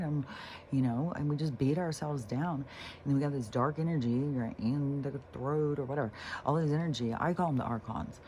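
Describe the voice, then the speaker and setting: A woman's voice: extremely low pitch, dark tone, a little hiss or hum. A woman vlogger talking casually and unscripted about healing and letting go. She rambles, swears offhandedly and restarts her sentences often. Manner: slow, unhurried delivery. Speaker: spiritual vlogger.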